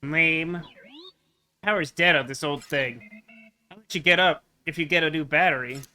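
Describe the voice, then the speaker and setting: A man's voice: a little high, moderate pace, sharp tone. A man voicing a smug male robot character with a nasal voice, while playing a video game.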